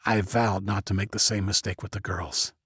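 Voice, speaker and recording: Low, husky man for first-person audiobook narration, dry booth sound. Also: little pitch movement, normal speed, fairly bright tone, no room sound.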